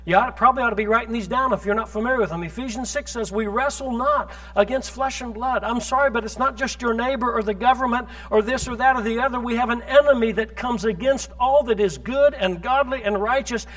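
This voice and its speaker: A male pastor with a strikingly high voice preaches emphatically in church. He fires off scripture and keeps asking the congregation rhetorical questions. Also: quick pace, hardly any pauses, fairly bright tone. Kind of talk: sermon.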